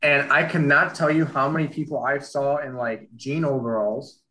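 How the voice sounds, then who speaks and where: A man's voice: medium pitch, fairly even intonation, normal speed, pushed and bright, a little hiss or hum, rough recording. A man from Kansas, a podcast co-host and sports reporter, telling a rambling story in casual chat with many fillers.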